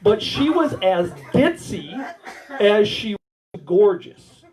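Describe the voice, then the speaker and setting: A man's voice: high-pitched, sing-song, takes it slowly, low-quality recording. A man with an Australian accent doing a crude stand-up storytelling set at a warehouse comedy night. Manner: crude storytelling, acts out quoted voices. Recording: loud live crowd laughter.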